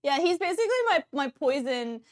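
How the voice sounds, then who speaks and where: Casting: bubbly woman cooking streamer, high voice, laughs a lot. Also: expressive, brisk, a little hiss or hum. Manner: bubbly, laughs often, reacts to chat. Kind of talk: casual livestream chat with viewers.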